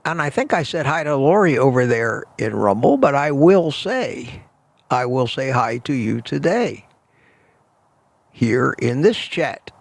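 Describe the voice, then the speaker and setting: A man's voice: mid-range voice, sing-song, a little slow, vocal fry, no room sound. A man hosting a casual morning livestream outdoors in the cold, greeting viewers by name and often repeating himself. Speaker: livestream host.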